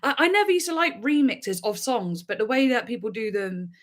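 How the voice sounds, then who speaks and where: A woman's voice: fairly high pitch, expressive, brisk. Young woman, English accent, livestream host, casual chat, bubbly, rambling, giggly. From Devon, England.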